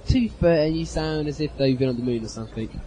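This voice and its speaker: A man's voice: on the high side, fast talker, warm tone, a little hiss or hum, lightly acted, rough recording. A man playing a young, streetwise man who talks bluntly and eagerly. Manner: blunt, streetwise, short replies. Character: young male street kid, cocky but eager.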